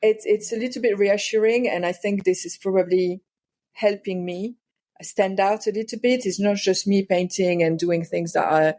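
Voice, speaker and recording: A woman's voice: mid-range voice, fairly even intonation, moderate pace, mellow. A French woman with a French accent, a guest artist chatting in an interview, hesitant with many fillers. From France. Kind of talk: casual interview chat.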